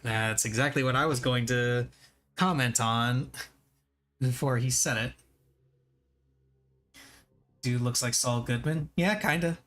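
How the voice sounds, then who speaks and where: Brief: casual male game streamer, dry humor, mid-pitched. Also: takes it slowly, pauses often, a bit bright. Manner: dry, joking asides. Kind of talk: casual let's-play commentary.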